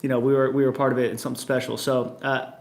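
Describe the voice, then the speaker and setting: A man's voice: mid-range voice, little pitch movement, fast talker, creaky. A man in his thirties hosting a casual morning livestream from home, upbeat and chatty, greeting viewers one after another. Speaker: livestream host.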